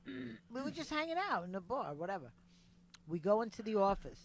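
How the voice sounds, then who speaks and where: A woman's voice: mid-range voice, very animated, fairly quick, rough recording. A woman co-hosting a podcast, telling a story in casual chat, often trailing off with "whatever".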